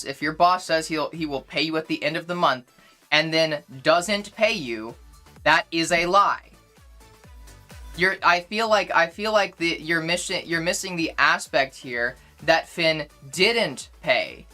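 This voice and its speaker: A woman's voice: low-pitched, bright, forceful tone. A young woman streamer arguing insistently with her chat, repeating her points in a casual livestream.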